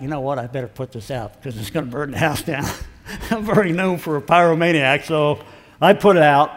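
A man in his sixties telling a personal story in a casual, rambling, folksy way, acting out the dialogue. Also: medium pitch. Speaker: storyteller giving a personal testimony. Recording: long hall reverb.

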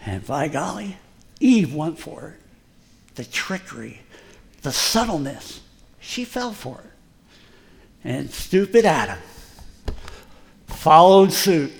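A man's voice: fairly high pitch, vocal fry, a little hiss or hum. A man preaching a folksy, emphatic sermon, joking at his own expense as a plain working guy. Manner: folksy, self-deprecating, emphatic. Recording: long hall reverb.

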